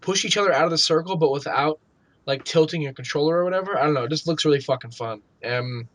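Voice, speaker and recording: On a dry recording, a man whose voice runs on the high side speaks fast as co-host of a gaming podcast. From Pennsylvania, he chats casually with heavy filler and swearing, occasionally bursting into exaggerated loud shouting.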